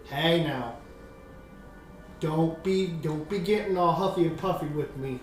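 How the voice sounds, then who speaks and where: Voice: mid-range voice, unhurried, soft background music, natural voice. A game master voicing a sleazy, pushy male rogue who flirts and leers. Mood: coaxing. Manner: leering, overfamiliar. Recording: roomy, distant mic, faint hum.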